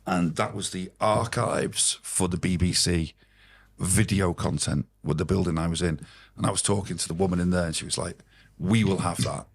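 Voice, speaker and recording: Deep gravelly man telling stories. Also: normal speed. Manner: swearing, rambling, animated anecdotes. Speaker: podcast guest. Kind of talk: casual storytelling anecdote.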